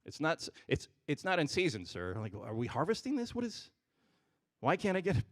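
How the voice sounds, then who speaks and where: A man doing a stand-up comedy set on a stage microphone, jumping between loud punchlines and muttered asides. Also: a little high, wildly swooping pitch, brisk, no echo, studio quality.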